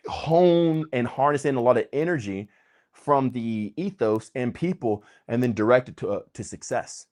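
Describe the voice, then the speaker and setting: A man's voice: medium pitch, moderate pace. Guy, super hyped, says dude and bro a lot, casual chat. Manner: excitable, slangy, uses "dude" and "bro". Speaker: host. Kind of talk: casual conversation.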